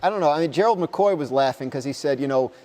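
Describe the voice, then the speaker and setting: Sports reporter guy rambling through his answers, kinda high voice, lots of restarts. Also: animated, quick pace, mellow. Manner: rambling, many restarts and retold quotes. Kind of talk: conversational interview answers.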